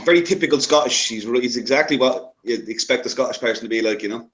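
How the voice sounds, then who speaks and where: A man's voice: medium pitch, fast, a bit bright. A man from Ireland with an Irish accent, chatting casually as a guest on a stream and swearing freely. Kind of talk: casual chat.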